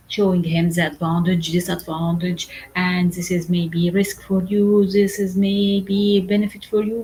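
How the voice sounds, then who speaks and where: A woman whose first language is Arabic, lecturing medical exam candidates in a halting, repetitive way, full of fillers and asking "okay?" often. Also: medium pitch, slight background noise, rough recording. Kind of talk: online lecture.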